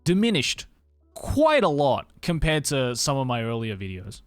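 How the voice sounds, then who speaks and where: A man's voice: medium pitch, very animated, normal speed, no room sound, faint music behind. A young man with a mild Australian accent, chatting casually with his stream viewers, laughing often and swearing freely. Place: home stream room in Tokyo.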